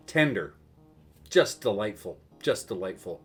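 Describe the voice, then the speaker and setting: In his thirties, this gaming-show host plays a video game while telling a rambling story, chuckling often and filled with fillers and restarts. His voice is on the low side and very animated, yet unhurried. Faint music plays behind him.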